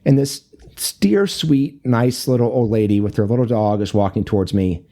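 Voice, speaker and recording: Mellow low-voiced man chatting loosely. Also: moderate pace. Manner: relaxed, rambling, many fillers and restarts. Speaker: fatherhood coach and author, guest. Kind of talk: casual interview conversation.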